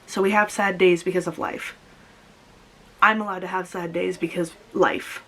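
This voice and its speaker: A young woman vlogging about her grief, speaking while crying, halting and repeating herself. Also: fairly low pitch, fairly even intonation, a bit bright, slightly rough, poor audio. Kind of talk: personal confessional vlog.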